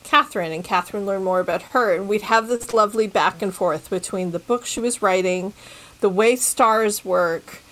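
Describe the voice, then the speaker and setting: A woman's voice: medium pitch, moderate pace, fairly bright tone. Chatty woman co-host, full of "like". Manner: chatty, many filler likes. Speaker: podcast co-host. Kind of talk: casual book discussion.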